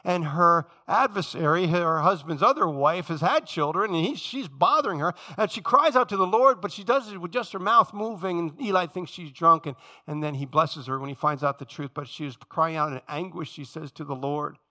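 A man in his forties delivers a sermon in a high, bright voice. He tells the stories with drama, rising loud and then dropping to a hush as he addresses the congregation. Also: moderate pace, hardly any pauses. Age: 40s. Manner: dramatic storytelling, swinging from loud to hushed. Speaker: pastor.

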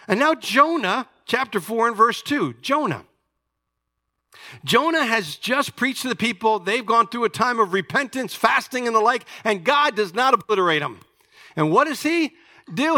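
A man preaching a sermon, emphatic and animated, asking the congregation questions. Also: high-pitched, a little fast. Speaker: pastor.

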